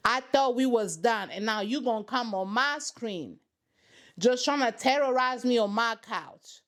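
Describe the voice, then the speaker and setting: A woman's voice: on the high side, unhurried. A woman hosting a reaction channel, giving sassy, dramatic running commentary on a reality show from her couch at home.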